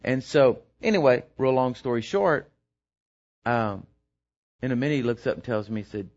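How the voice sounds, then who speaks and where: A man's voice: mid-range voice, expressive, normal speed, darkish tone. A middle-aged man, a pastor telling a rambling story in his sermon that builds into emphatic preaching. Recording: dull lo-fi sermon recording.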